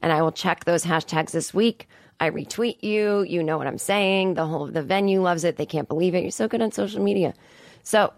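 A woman's voice: fairly low pitch, dry recording. A woman in her forties from the Boston area, ranting casually and profanely as a comedian hosting her own podcast from a studio. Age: 40s. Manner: profane, exasperated rant with frequent emphatic rises. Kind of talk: casual monologue. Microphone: studio mic.

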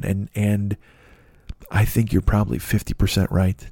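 A man's voice: on the low side, level tone, a little slow, gravelly, pauses often, warm tone, no room sound. A man hosting a podcast in a casual solo monologue, rambling and self-critical with many restarts. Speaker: podcast host.

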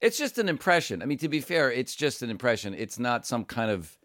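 Brisk delivery and a mid-range voice mark this animated storyteller, a comedian and voice actor who swears freely while loosely recounting stories in a casual interview. The sound is clean and dry, straight from a studio.

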